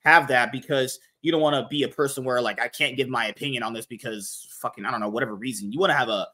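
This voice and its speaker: A man's voice: medium pitch, quick pace, pushed and bright. A man hosting a podcast in casual chat, rambling and swearing freely. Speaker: podcast host.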